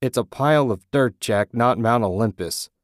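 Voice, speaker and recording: A man reading an audiobook, voicing a young man shouting scornful defiance. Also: on the low side, normal speed, no echo, clean studio sound, lightly acted. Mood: defiant.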